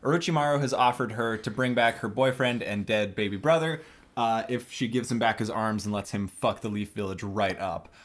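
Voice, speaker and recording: A man's voice: on the low side, moderate pace. A man hosting a podcast, recapping episodes in a loose, joking, profane way. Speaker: podcast host.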